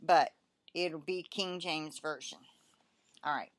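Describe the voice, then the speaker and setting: An older woman slowly reading aloud a message she says she received in prayer, with asides between passages. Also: low voice, slight background noise. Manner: slow, deliberate reading with soft emphasis and asides. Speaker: Christian prophetic message reader. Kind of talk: reading a received prophecy aloud, then commenting.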